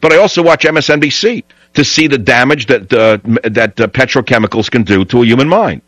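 A man's voice: medium pitch, fairly quick, fairly bright tone, dry recording, low-quality recording. Combative ranting radio talk host, man.

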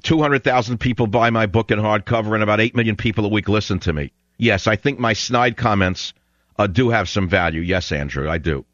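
A man's voice: lowish voice, quick pace, hardly any pauses, a bit bright, no room sound, muffled recording. A man hosting a call-in talk radio show, sarcastic, confrontational and mocking toward callers.

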